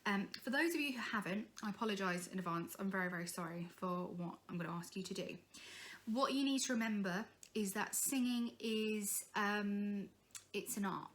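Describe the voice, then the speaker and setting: A young woman giving an informal singing lesson, friendly and encouraging, checking in with her students with a quick "okay?" as she goes. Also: mid-range voice, fairly bright tone. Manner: chatty, encouraging, frequent "okay?" check-ins. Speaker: singing teacher. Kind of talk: informal vocal tutorial.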